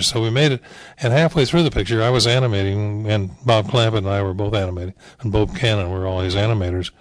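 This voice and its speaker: A man's voice: lowish voice, steady tone, a little fast, few pauses, no echo, low-quality recording. An older man, a veteran animation director, reminiscing in a rambling, wryly humorous way, with frequent fillers and restarts. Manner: wry, dryly humorous. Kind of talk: anecdotal reminiscing talk.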